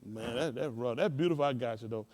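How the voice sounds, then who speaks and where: A man's voice: mid-range voice, quick pace, a little mellow. A man, a pastor, roasting his church members from the pulpit in a joking, rambling way with folksy slang.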